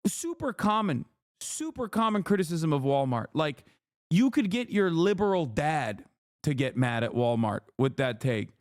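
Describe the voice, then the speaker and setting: A man's voice: on the high side, very animated, moderate pace, no room sound, clean studio sound. A man streaming, reacting to clips in casual commentary with a profane, exasperated rant.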